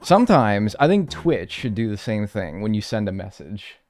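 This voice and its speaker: A man's voice: fairly low pitch, sing-song, moderate pace, darkish tone, soft background music. A young man streaming a game, chatting casually in a rambling, joking and crude way. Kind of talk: casual gaming stream chat.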